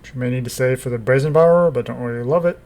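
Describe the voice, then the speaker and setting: Man, mid-pitched voice, relaxed game commentator with dry, wry asides. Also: rapid-fire. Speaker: gameplay commentator. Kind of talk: casual gameplay commentary.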